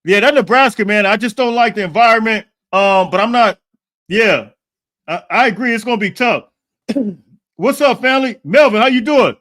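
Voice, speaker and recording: High-voiced man hosting a live chat. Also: normal speed, pushed and bright. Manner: restarts and repeats words, reads out viewer comments; frequent throat clearing and coughs. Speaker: podcast host. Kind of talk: casual live-stream chat.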